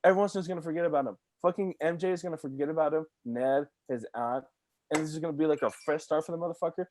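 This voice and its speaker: A man on a podcast, ranting heatedly and swearing, with shouted outbursts. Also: a little high, expressive, quick pace, dry recording. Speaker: podcast guest. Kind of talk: casual ranting chat.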